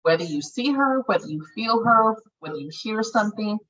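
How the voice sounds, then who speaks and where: A woman's voice: mid-range voice, expressive, normal speed, a bit bright, distant mic, lo-fi sound. A woman leading a healing circle, talking casually and frankly about meditation, swearing freely as she goes. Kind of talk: casual group guidance on meditation.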